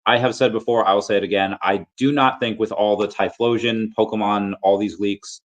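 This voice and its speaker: A man giving casual solo commentary as a video creator, chatty and animated, reading out posts and shout-outs with frequent fillers and laughs. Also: fairly low pitch, brisk, poor audio. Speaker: crypto and collectibles video creator.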